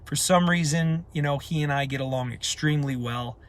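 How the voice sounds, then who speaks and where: A man's voice: fairly high pitch, fairly quick. A man leading a community, talking in an unscripted live video, emphatic and passionate, hammering points home by repeating them. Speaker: community leader.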